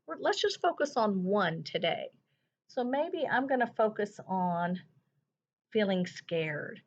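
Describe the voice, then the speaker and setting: A woman teacher gently talking children through a lesson on feelings, thinking aloud with soft hums as she colors a drawing. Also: mid-range voice, lively intonation, takes it slowly. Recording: slightly dull lo-fi sound.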